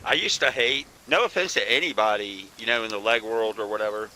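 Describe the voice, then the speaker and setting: A man's voice: lowish voice, fairly quick, sharp tone, slight background noise, poor audio. A man hosting a casual gaming chat, swearing freely and calling everyone bro. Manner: profane, laid-back, calls everyone bro. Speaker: channel host, former soldier.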